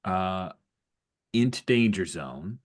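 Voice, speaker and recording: Animated man running a tabletop game. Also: low voice, slow pace. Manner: animated, slips into character voices. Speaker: game master. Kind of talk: narrating a tabletop game over a call.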